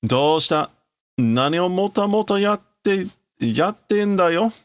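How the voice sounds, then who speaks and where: A man's voice: on the high side, slow pace, voice pushed up. A man voicing a brash young male gang member who mocks and swaggers while reading a comic aloud. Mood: taunting. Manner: mocking, swaggering.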